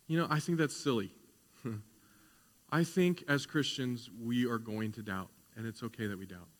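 A man's voice: medium pitch, unhurried, in a large hall. A man preaching a sermon as pastor, conversational at times and building to fervent emphasis.

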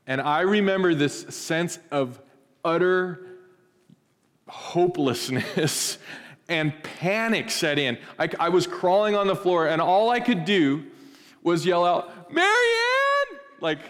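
A middle-aged man preaching a conversational sermon in a church, moving between quiet reflection and loud animated bursts. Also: medium pitch. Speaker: pastor. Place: church sanctuary. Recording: long hall reverb.

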